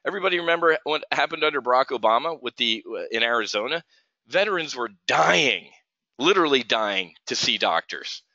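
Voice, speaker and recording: A man's voice: mid-range voice, animated, fairly quick, sharp tone, no echo. A middle-aged man hosting a live trading stream, ranting heatedly and stumbling over his words as he goes. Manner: heated, ranting, full of restarts. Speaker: host of a live trading show. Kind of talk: casual live stream rant. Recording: dull, dry lo-fi stream audio.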